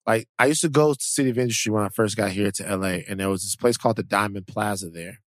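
Male podcast co-host: blunt, animated, stammery, swears casually, dry close mic. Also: lowish voice, fast, dry recording.

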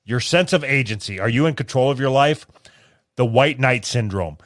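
A man's voice: mid-range voice, normal speed, no room sound, studio quality. A man co-hosting a podcast, talking in crude, profane, mocking banter. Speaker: podcast co-host.

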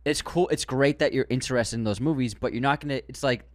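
A man's voice: medium pitch, fast, dry recording, studio quality. A man with a Boston accent co-hosting a podcast in casual chat, reading listener comments aloud with mock outrage. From Boston area. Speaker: podcast co-host.

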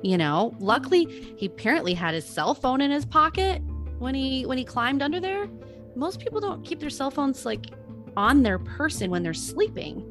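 A woman's voice: high-pitched, sing-song, normal speed, faint music behind. A woman co-hosting a podcast in casual chat, musing and hedging her opinions with a ready laugh. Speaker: podcast co-host.

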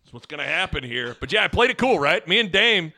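Lively gravelly-voiced sports podcast host. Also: male voice, fairly high pitch, fast. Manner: animated, slips into mock play-by-play announcing. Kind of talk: casual sports chat.

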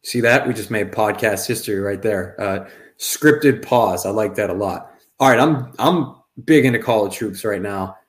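Man, low-ish voice, sports podcast co-host, confident rapid-fire picks. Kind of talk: casual sports podcast chat.

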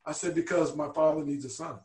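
Earnest man telling his story, higher voice. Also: a little fast, reverberant. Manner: earnest, animated storyteller acting out quoted voices. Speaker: guest. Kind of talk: personal storytelling in an interview.

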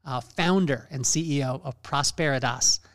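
A man in his forties hosting a podcast, talking in an energetic, casual way with many fillers and restarts. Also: mid-range voice, normal speed. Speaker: podcast host. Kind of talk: casual conversational interview.

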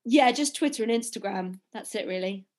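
High-voiced, dry-humoured woman. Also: fairly quick, darkish tone. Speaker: podcast guest. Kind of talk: casual chat.

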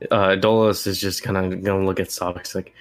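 A man playing a tabletop game, talking in a halting way and asking questions. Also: low-pitched, level tone, faint music behind. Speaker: player.

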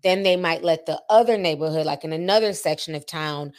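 A woman's voice: sits low, brisk. A woman from Minnesota chatting casually and explaining things at length in an informative way. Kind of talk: casual chat.

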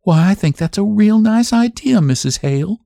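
A man voicing a timid, soft-spoken sheriff's wife who speaks in a hesitant, shrinking way, pitched well above his own voice. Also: lively intonation, normal speed, creaky, no room sound, studio quality.

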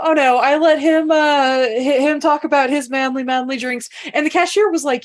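A woman's voice: sits high, a little fast, hardly any pauses. A woman co-hosting a casual podcast, telling stories in a wry, teasing way. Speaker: podcast co-host. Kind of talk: casual chat.

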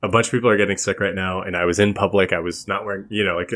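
A man's voice: low voice, steady tone, racing, fairly bright tone. A man co-hosting a casual podcast, rambling and joking, and a little stuffy after being sick. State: a bit stuffy. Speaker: podcast co-host. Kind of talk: casual chat.

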